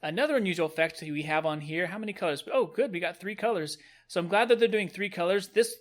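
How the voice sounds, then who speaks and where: A man's voice: on the high side, fairly bright tone. A young man casually reviewing new game cosmetics, upbeat and rambling. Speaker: gaming video host.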